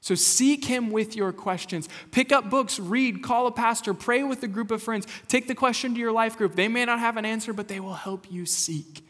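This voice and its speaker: With a very high, slightly bright voice, a young adult man preaches at a moderate pace with few pauses. He is a pastor in a church sanctuary, the recording carrying long hall reverb, and his sermon goes from chatty storytelling to earnest exhortation.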